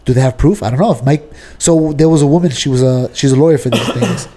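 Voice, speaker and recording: Argumentative New York man, mellow voice. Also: mid-range voice, fast. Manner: argumentative, clears throat often, restarts sentences. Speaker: podcast co-host. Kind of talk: casual debate.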